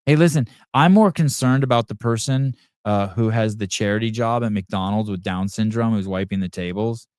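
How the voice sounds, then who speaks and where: A middle-aged man talks off the cuff on his podcast, profane and rambling, answering chat messages as they come in. His voice sits low, and the sound is dry and close with no room in it. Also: moderate pace, hardly any pauses, darkish tone, no echo. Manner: profane, rambling, reads chat comments aloud. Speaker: podcast host. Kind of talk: crude off-the-cuff livestream chat.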